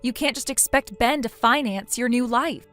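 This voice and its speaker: A woman's voice: fairly high pitch, moderate pace, fairly bright tone, soft background music, lightly acted. A synthetic woman's voice playing a blunt young woman who lectures her friend sternly in a text-message story. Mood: scolding. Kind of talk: text-to-speech text story narration.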